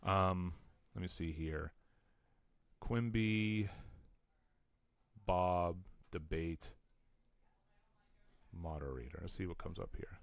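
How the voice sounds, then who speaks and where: A man co-hosting a comedy podcast, talking in a loose, profane rant. His voice sits a little low, and the sound is dry and close. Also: slow pace, creaky, long pauses, no room sound. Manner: profane, ranting. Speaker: podcast co-host. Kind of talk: casual chat.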